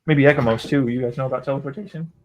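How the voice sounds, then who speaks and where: A man playing a tabletop game in casual chat, joking and excitable. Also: mid-range voice, racing, dull audio. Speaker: player.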